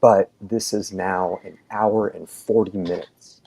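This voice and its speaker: Deep-voiced man telling a rambling story. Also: fairly even intonation, takes it slowly, gravelly, a little mellow, a little hiss or hum. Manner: rambling, filler-heavy, acts out quoted dialogue. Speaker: EMT telling his story. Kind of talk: casual storytelling on a podcast.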